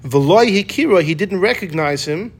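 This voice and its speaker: Animated male Torah teacher, mid-high voice, casual classroom delivery, acts out quotes. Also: moderate pace, breathy edge. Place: classroom with students.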